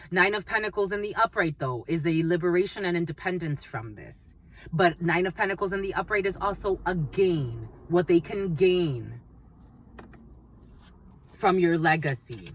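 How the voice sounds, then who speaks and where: Woman doing a tarot reading, low-ish voice, blunt, swears a lot, says stuff twice. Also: fairly bright tone. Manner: blunt and emphatic, swears freely, repeats phrases. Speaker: tarot reader. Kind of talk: channeled tarot reading to camera.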